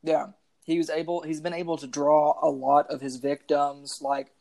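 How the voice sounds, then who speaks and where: A woman's voice: sits low, flat delivery, normal speed, creaky, warm tone. A woman co-hosting a casual true-crime podcast, rambling with many fillers. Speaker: podcast co-host.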